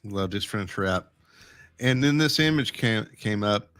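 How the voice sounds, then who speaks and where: A man's voice: fairly low pitch, animated, a little slow, a bit bright, faint music behind. A man co-hosting a casual talk show, laid-back and folksy, chuckling between remarks. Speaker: co-host. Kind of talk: casual chat.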